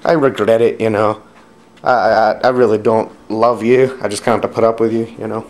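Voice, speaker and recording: A man's voice: on the low side, little pitch movement, fairly quick, darkish tone, natural voice. A man playing a crude, hot-tempered fat father in an amateur comedy sketch, swinging between bellowing outbursts and mock-tender talk.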